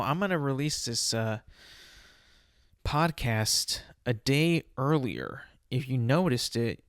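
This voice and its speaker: A young man hosting his own podcast, venting at length with a loose run of fillers, "right?" and rhetorical questions. His voice sits at an ordinary middle pitch. It is recorded close and dead dry, with no room sound. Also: smooth, dry recording. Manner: exasperated ranting, many fillers and rhetorical questions. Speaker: podcast host. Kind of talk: solo podcast rant.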